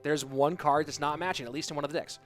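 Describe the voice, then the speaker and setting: A man's voice: a little high, steady tone, fast, fairly bright tone, faint music behind. A man casting a competitive game on his live stream, chatty and jokey, answering his chat between plays. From United States. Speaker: esports caster and streamer.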